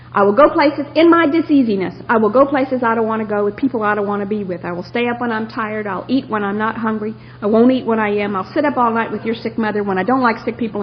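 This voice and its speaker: A woman's voice: on the high side, a little hiss or hum. A woman from Texas sharing her own story at a recovery meeting, telling it with humor and frequent laughter. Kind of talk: personal recovery share to a live audience. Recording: lo-fi tape of a talk in a hall.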